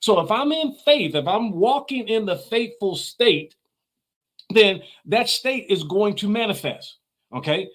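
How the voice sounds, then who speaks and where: A man's voice: high voice, animated, a little slow, fairly bright tone. A middle-aged man hosting a motivational show, teaching in an earnest, emphatic way and repeating key phrases to drive them home. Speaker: motivational speaker, show host.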